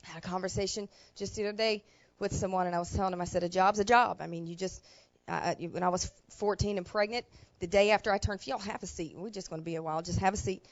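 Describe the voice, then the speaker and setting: A woman pastor telling a personal story in a sermon, talking in a plain, colloquial way that drops to quiet asides and rises to loud emotional bursts. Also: medium pitch, steady tone, quick pace, lo-fi sound. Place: church sanctuary.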